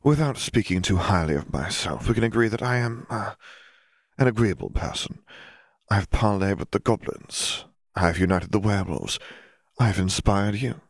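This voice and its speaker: A man voicing a calm, manipulative dark leader who speaks quietly and formally. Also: lowish voice, normal speed, vocal fry, dry recording, studio quality. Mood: persuasive.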